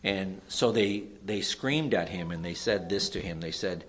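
A man preaching a sermon, earnest, swinging between raised emphasis and quiet asides. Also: sits low, measured pace, hardly any pauses.

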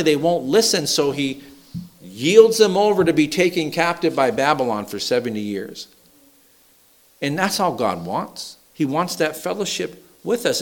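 A man's voice: fairly high pitch, fairly bright tone. A man preaching a folksy sermon, asking the congregation questions and acting out the voices he quotes. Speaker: pastor.

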